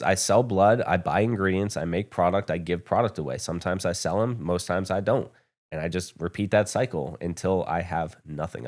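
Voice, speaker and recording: A man from the United States, a podcast guest telling his founder story in a candid, profane, rambling way. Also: low voice. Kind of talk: casual storytelling interview. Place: podcast studio.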